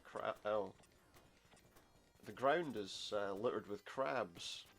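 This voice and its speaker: A low-ish, gravelly voice with a slightly bright edge speaks slowly as a man casually narrates a retro game he's playing. His let's-play commentary is wry and jokey, full of asides muttered under his breath, with game music in the background.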